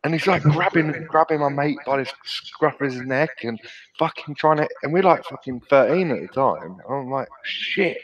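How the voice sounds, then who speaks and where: A man's voice: medium pitch, moderate pace, highs cut off. A man in his thirties telling sweary, laughing stories as a podcast host. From England. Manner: sweary, laughing, animated storyteller. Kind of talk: casual chat, storytelling.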